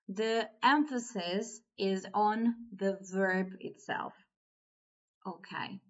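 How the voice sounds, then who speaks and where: A woman with a Turkish accent teaching a language lesson, explaining word order slowly and reading example sentences aloud. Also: mid-range voice, fairly bright tone, highs cut off.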